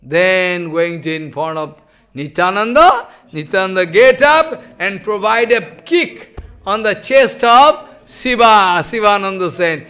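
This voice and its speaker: A man, telling a devotional story in a sermon with animated, broken phrasing. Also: high-pitched, a little slow, clear, resonant tone. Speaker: preacher.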